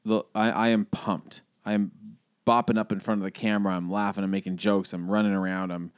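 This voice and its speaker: Man, podcast co-host, lowish pitch, reflective, rambling, dry sound. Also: level tone, brisk, clean tone, dry recording. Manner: reflective, rambling with many restarts and fillers. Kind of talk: casual conversational podcast.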